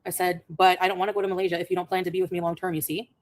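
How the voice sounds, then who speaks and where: Fast-talking exasperated woman vlogger. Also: on the low side, level tone. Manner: rapid, exasperated, reads messages aloud. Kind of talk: casual storytelling vlog.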